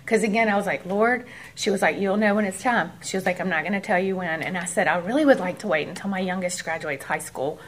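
A woman's voice: lowish voice, quick pace, hardly any pauses. A woman in her forties tells a personal testimony to a church group, earnest and conversational. She acts out the voices of others as she goes. A faint hiss of noise sits under her voice. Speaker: speaker sharing a testimony.

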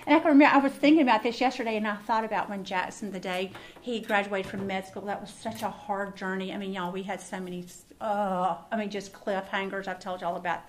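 A woman's voice: medium pitch, fairly even intonation, brisk, hardly any pauses, a little hiss or hum. A middle-aged woman, teaching a sermon to a women's group in a folksy style that speaks straight to the room. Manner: folksy, warm address to the room.

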